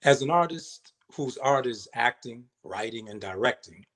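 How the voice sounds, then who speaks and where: A man from Baltimore opens his live story in a measured, reflective tone. His voice sits at an ordinary middle pitch. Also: expressive, a bit bright. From Baltimore, Maryland.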